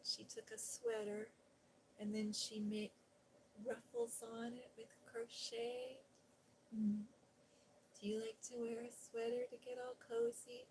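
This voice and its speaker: A woman hosting a soft-spoken ASMR livestream, chatting gently with viewers and recapping a children's story in a sweet, cooing tone. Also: a little high, a little hiss or hum, poor audio. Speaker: ASMR host reading aloud.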